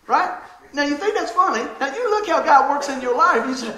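A pastor delivers his sermon in a high, ringing male voice. He is animated and quick to laugh as he acts out short exchanges for the congregation. The sound is roomy and echoing, like a church sanctuary. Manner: lively, laughing, acts out quotes.

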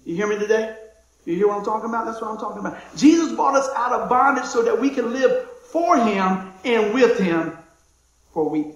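A man preaching a conversational sermon, excitable and chatty, dropping to a hush and then shouting with excitement. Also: high-pitched, a little fast. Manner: excitable, conversational, swings from loud to hushed. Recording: very echoey room.

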